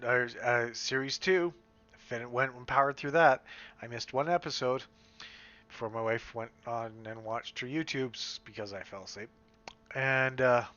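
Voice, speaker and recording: A man's voice: medium pitch, pushed and bright. A man from Western Canada vlogging in a casual, rambling way at home, full of fillers and restarts. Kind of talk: casual chat. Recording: slightly dull lo-fi sound.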